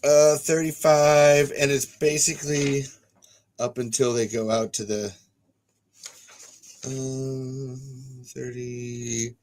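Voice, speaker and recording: A man's voice: medium pitch, steady tone, takes it slowly, pauses often, darkish tone, a little hiss or hum. A man hosting a podcast, rambling and swearing freely as he sets up and narrates a script read-through.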